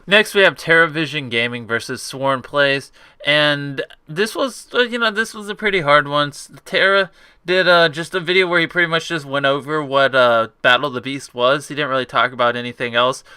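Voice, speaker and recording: A young man hosting and judging a video contest in a loose, unscripted way, full of ums and self-corrections. His voice is sharp and very bright, crisp and clean. The sound is dry and close with no room around it. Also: medium pitch, no echo. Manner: rambling with frequent ums and restarts. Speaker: contest host judging entries. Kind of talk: casual unscripted judging commentary.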